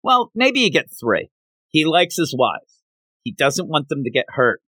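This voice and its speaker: A man hosting a podcast, recapping a manga chapter in animated casual chat with lots of fillers. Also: a little high, a little slow, no echo. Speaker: podcast host.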